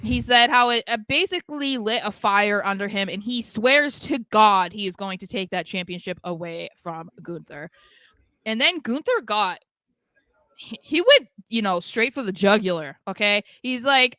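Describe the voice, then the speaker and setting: Bright, smooth-voiced woman recapping wrestling. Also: mid-range voice, expressive, normal speed, no echo. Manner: sarcastic, laughing asides. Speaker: podcast co-host. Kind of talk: casual wrestling recap chat.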